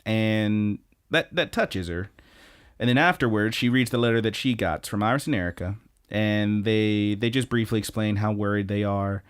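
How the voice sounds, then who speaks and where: A man co-hosting a podcast, recapping anime episodes in a lively, casual way with lots of ums and restarts. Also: on the low side, moderate pace, smooth, no echo, clean studio sound. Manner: animated retelling, many ums and restarts. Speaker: podcast co-host.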